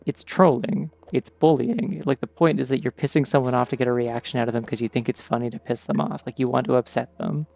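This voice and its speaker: A man's voice: mid-range voice, fairly even intonation, fast, vocal fry, hardly any pauses, a little mellow. A man streaming a game, chatting casually in a rambling way full of filler words. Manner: rambling, digressive, many "like" fillers. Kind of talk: casual chat while gaming. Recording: faint background game music.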